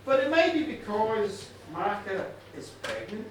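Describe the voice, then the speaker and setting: A man's voice: sits high, big pitch swings, measured pace, noisy background. A man telling an old myth live to an audience in a pub, with chatty asides. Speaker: storyteller. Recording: echoey pub room from far off. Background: faint room ambience.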